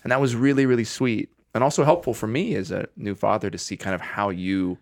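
Fast-talking, gravelly low-voiced man. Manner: warm, affirming, quick questions. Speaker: podcast host. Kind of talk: casual conversational interview.

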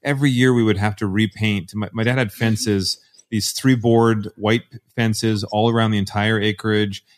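A man's voice: on the low side, steady tone, normal speed. A man from Canada, a podcast guest telling rambling stories with frequent restarts. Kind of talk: casual interview storytelling.

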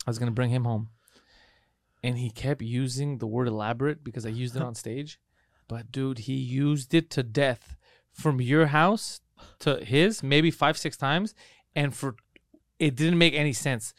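A man's voice: mid-range voice, unhurried, dry recording, studio quality. A man in casual comedic podcast chat, telling profane stories and acting out what others said. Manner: profane storytelling, acts out quotes.

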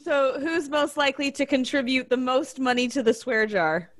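A woman's voice: sits high, normal speed. A woman interviewing an actress in a friendly, casual way.

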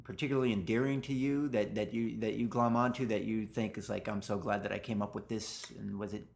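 A man's voice: on the low side, steady tone, brisk, vocal fry. Rambling man asking questions. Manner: rambling questions, many restarts and fillers. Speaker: podcast interviewer. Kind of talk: casual interview chat.

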